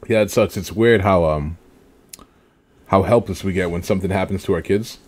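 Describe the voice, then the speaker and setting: A man's voice: low-pitched, moderate pace, darkish tone. A man in his thirties from Rhode Island, co-hosting a podcast in casual chat, joking and laughing often. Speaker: podcast co-host.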